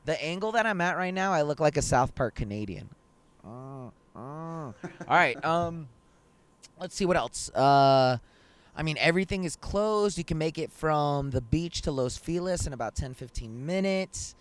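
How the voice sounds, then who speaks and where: Animated, slangy young man telling stories. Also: a little high, normal speed, clear, resonant tone. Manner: animated storyteller, swears a lot, slangy. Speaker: podcast host. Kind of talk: casual chat.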